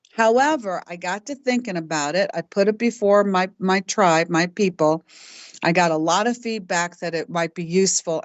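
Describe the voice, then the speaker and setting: Woman host, low-pitched, halting and self-correcting, stoic delivery, dry close sound. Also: no echo. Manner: halting, with frequent restarts and fillers, self-described stoic. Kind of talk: personal talk show monologue.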